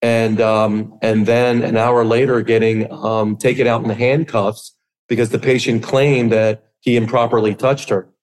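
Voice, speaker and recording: A middle-aged man, a guest on an interview podcast, telling his story with lively acted-out quotes. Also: mid-range voice, normal speed. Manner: animated storyteller, acts out quotes. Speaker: podcast guest, business coach.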